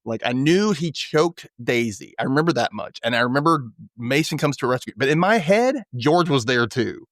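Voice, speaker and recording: A man co-hosting a podcast, chatting casually about an episode and getting excited as he recalls scenes. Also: moderate pace, dry recording, clean studio sound. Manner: excitable, jumps high in pitch when he gets worked up. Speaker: podcast co-host. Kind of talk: casual recap chat.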